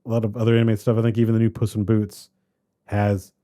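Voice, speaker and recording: A man co-hosting a podcast, chatting casually about a movie in a rambling, animated way that keeps trailing off and restarting. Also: lowish voice, quick pace. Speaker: podcast co-host. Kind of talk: casual movie review chat.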